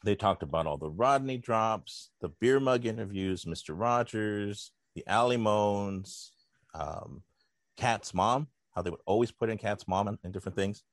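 A man's voice: lowish voice, moderate pace, no room sound. A man hosting a podcast, recapping segments in a dry, rambling casual chat. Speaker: podcast host.

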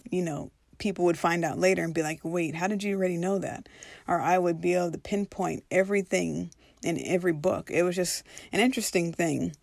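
Gravelly low-voiced woman telling her story. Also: darkish tone, no room sound, clean studio sound. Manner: earnest, reflective, acts out her own past reactions. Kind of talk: personal storytelling.

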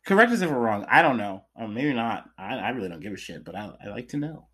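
A man co-hosting a podcast, chatting casually with profanity and swinging between loud quips and quiet asides. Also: lowish voice, very animated, fast talker, slightly rough. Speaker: podcast co-host. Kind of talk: casual chat.

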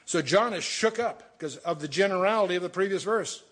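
A man's voice: high-pitched, a little fast, fairly bright tone. A man teaching a verse-by-verse Bible study, reading scripture aloud and breaking off to explain it with asides and restarts.

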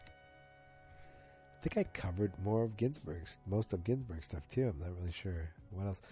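Brief: a rambling male recapper, mellow and a bit low-pitched. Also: expressive, measured pace, husky, soft background music. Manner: rambling, with many fillers and restarts. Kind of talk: casual episode recap.

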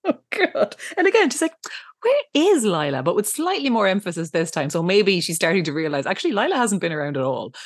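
A woman's voice: on the low side, sing-song, fast, dry recording, studio quality. A woman co-hosting a casual recap chat, laughing often and acting out quoted lines. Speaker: podcast co-host.

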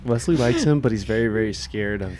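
A man's voice: lowish voice, fairly quick, a little mellow, slight background noise. A man playing in a tabletop game, asking anxious questions in character. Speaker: player. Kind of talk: casual game chat.

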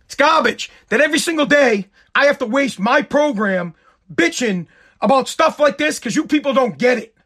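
A man with a strikingly high-pitched voice rants on his own program. He swears constantly, stumbles over words and breaks into shouts when he gets heated. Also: lively intonation, normal speed. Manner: profane, heated, shouting at times. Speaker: show host. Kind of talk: angry rant, talk show.

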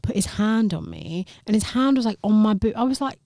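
A woman's voice: mid-range voice, brisk, no room sound, clean studio sound. A young woman chatting casually, outspoken and full of likes. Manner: animated, outspoken, frequent likes. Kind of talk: casual chat.

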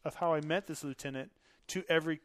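His voice is on the high side with fairly even intonation, and his pace is quick on a dry recording. The man, an Air Force veteran in his thirties, is a podcast guest telling stories casually, laughing often and voicing the dialogue.

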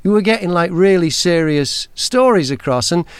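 A chatty, jokey man hosting a podcast, telling stories with a high-pitched voice. The recording is dry and close. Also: expressive, normal speed, smooth, no room sound. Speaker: podcast host. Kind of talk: casual chat.

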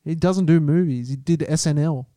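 A man's voice: a little high, moderate pace, warm tone, no room sound, studio quality. A man co-hosting a podcast, teasing his co-host in laid-back banter. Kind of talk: casual chat.

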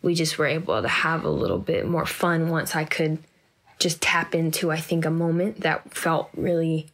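Young woman, low-ish voice, candid rambling interviewee. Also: moderate pace. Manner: rambling, reflective, many fillers and restarts. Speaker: actor being interviewed.

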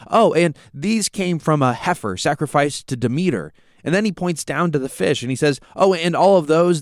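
A man's voice: medium pitch, dry recording, studio quality. A man hosting a Bible teaching podcast, explaining scripture through vivid, conversational storytelling. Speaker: podcast host.

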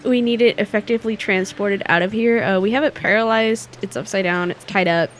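A woman's voice: mid-range voice, fairly even intonation, brisk, slight background noise. A woman playing a tabletop game, rambling and hesitant in character. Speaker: player. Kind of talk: tabletop game role-play.

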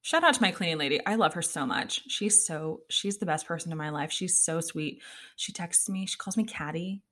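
A woman's voice: lowish voice, animated, moderate pace, pushed and bright. A young woman hosting a casual solo podcast, chatting and ranting with exasperation, laughing often and swearing casually. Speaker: podcast host.

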